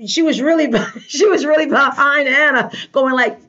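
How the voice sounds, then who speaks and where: A woman, a life coach, telling an animated story in a casual interview and acting out the voices of the people she quotes. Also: sits high, moderate pace. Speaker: guest, life coach and trainer. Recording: dull lo-fi recording.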